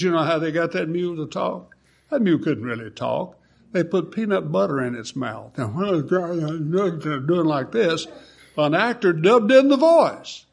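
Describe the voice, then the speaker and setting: A man's voice: fairly high pitch, vocal fry, slightly rough. An older man preaching a sermon, asking the congregation questions in a folksy way. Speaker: pastor.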